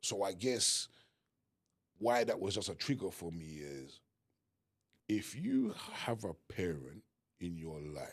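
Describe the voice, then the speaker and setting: A man co-hosting a podcast, talking earnestly and emphatically with halting restarts. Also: low voice, sing-song. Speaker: podcast co-host. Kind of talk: candid conversation.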